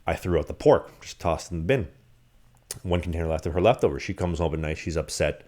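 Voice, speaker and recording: A man co-hosting a podcast, telling rambling, animated stories in casual chat. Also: low-pitched, fairly quick. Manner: animated, rambling anecdotes with acted-out quotes. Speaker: podcast co-host. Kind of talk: casual storytelling.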